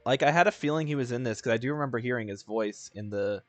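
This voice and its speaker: A man's voice: medium pitch, quick pace, no room sound. A laid-back man giving casual gameplay commentary, swearing and joking as he plays. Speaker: let's player.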